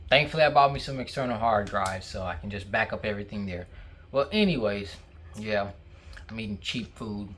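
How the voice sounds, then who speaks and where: A man's voice: on the low side, normal speed, long pauses, fairly bright tone, slight background noise. A young man vlogging casually to camera, talking while he eats, rambling with many fillers and restarts.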